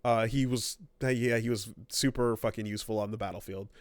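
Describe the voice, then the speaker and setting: Smooth-voiced man in rambling podcast chat. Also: on the low side, fairly even intonation, a little fast, dry recording, clean studio sound. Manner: rambling, profane, acts out characters' lines. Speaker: podcast co-host. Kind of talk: casual gaming podcast chat.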